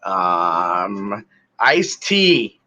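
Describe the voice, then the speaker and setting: A man's voice: sits low, sing-song, very slow, sharp tone, lo-fi sound. A man from the northern United States hosting a webinar, joking and rambling with lots of fillers. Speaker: webinar host. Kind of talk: casual chat.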